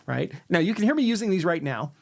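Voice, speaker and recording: A man's voice: big pitch swings, quick pace, vocal fry. A man teaching sales influence techniques to camera, who often tags his sentences with "right?" and ends them on a falling note. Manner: demonstrates intonation, ends sentences on a lower note. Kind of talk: instructional talk to camera.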